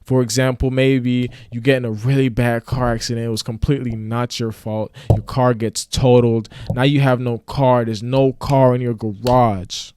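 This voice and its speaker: A man's voice: mid-range voice, little pitch movement, normal speed, few pauses, darkish tone, smooth, no room sound. A man giving a casual motivational rant to camera, slangy and preachy, now and then acting out mocking voices. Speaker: motivational vlogger.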